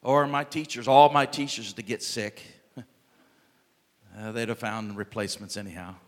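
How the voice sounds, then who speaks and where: A man preaching a sermon as pastor, impassioned, swinging between loud and soft, with many "uh" fillers. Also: lowish voice, fairly even intonation, moderate pace, in a large hall.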